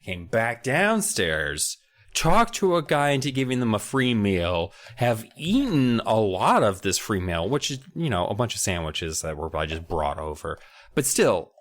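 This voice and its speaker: A man's voice: on the low side, normal speed. A man co-hosting a podcast, rambling and riffing on jokes while recapping a book. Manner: rambling, animated, riffs on jokes. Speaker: podcast co-host. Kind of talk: casual chat recapping a book.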